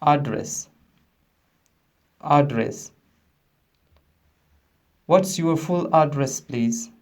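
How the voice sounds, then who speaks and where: A man who is not a native English speaker, teaching pronunciation in a lesson and slowly repeating each word with care. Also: on the high side.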